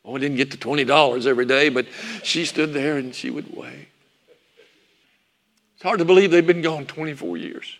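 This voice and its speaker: A man's voice: mid-range voice, expressive, normal speed, pauses often, fairly bright tone. A preacher telling a sermon story, reminiscing about his parents. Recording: long hall reverb.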